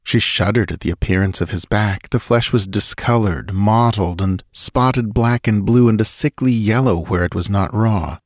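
A man reading an adventure story aloud in a steady, measured narration. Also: lowish voice, dry recording, studio quality. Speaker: audiobook narrator. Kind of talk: scripted narration.

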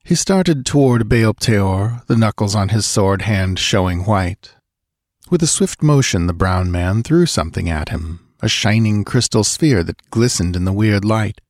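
Male audiobook narrator, low register, dry close sound, measured and dramatic. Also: animated, no echo. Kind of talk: scripted narration.

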